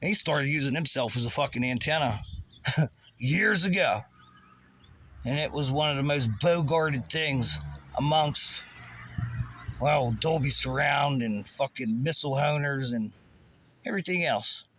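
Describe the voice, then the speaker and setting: A man's voice: on the high side, a little slow, pauses often, a bit bright. A man ranting in an agitated, rambling way, swearing often. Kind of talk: angry rant. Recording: noisy background.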